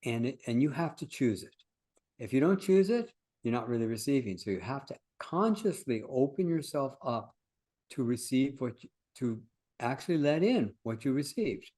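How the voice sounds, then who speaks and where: A man's voice: mid-range voice, lively intonation, normal speed, dark tone. An older man, a workshop founder and teacher, talking casually in an interview as an earnest, reflective storyteller.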